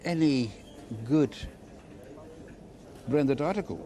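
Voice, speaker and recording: An older man, giving an interview and recalling his retail career in halting, repeated phrases. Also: fairly high pitch, warm tone. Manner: halting, repeats words while searching for phrasing. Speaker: interviewee, former retail executive. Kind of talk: reflective conversational interview. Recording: noisy background hiss.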